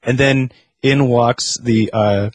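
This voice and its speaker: A man's voice: medium pitch, steady tone, slow pace, dry recording. A man chatting as a podcast guest, telling rambling work anecdotes with lots of fillers and quoted voices. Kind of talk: casual storytelling chat.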